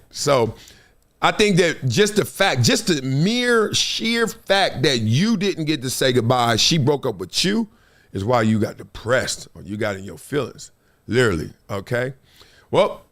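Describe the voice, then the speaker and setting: A middle-aged man, a former football player, hosting a casual livestream in an animated, slangy, joking way. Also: fairly high pitch.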